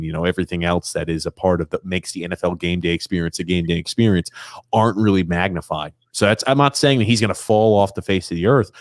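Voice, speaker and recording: A man's voice: low-pitched, no room sound, studio quality. A man hosting a sports podcast who reads out listener comments in chatty, casual talk. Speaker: podcast host.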